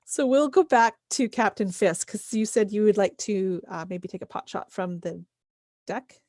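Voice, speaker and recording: A woman's voice: medium pitch, normal speed, a little mellow, no room sound. A woman running a tabletop game as game master, patiently working through the rules and damage numbers. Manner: patient, checks numbers step by step.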